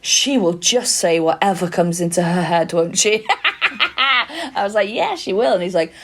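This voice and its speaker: A woman with a muddled northern English accent chats loosely as a podcast co-host. She tells her stories in a lively, animated way. Her voice sits a little low for a woman. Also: normal speed. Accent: mixed northern English. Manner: chatty, animated storyteller. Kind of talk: casual chat.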